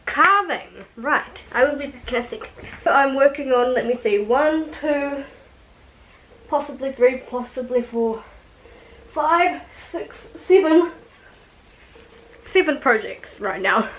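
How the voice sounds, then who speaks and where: Chatty young woman vlogger, rather high voice. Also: takes it slowly, pauses often, fairly bright tone, poor audio. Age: young adult. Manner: chatty, rambling, with frequent ums and laughs. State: out of breath. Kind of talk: casual vlog chat.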